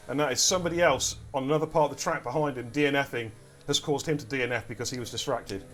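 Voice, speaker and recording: An English man calls a sim race live, quick to get excited and chatty with his viewers. His voice sits at an ordinary pitch for a man. A faint hiss of noise runs under the stream. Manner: energetic, chatty, addresses chat directly. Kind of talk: live esports race commentary.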